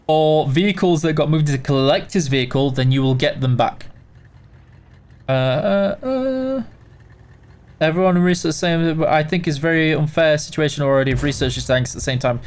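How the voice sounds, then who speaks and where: A man hosting a game livestream, reading out chat questions and answering them casually, tired and yawning. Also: fairly high pitch. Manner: reads chat questions aloud, answers offhand with fillers. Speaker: livestream host answering chat while playing.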